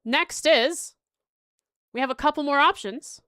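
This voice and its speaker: A young woman livestreaming as she plays a quiz, chatting casually and thinking aloud with halting restarts. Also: high voice, a bit bright, no room sound. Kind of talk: casual livestream chat while playing a quiz.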